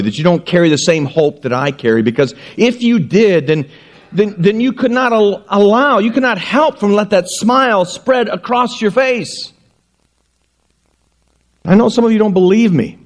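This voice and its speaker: A man's voice: high voice, normal speed. A male pastor preaching a sermon, telling stories and joking at his own expense before a congregation. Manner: animated storytelling with self-mocking jokes.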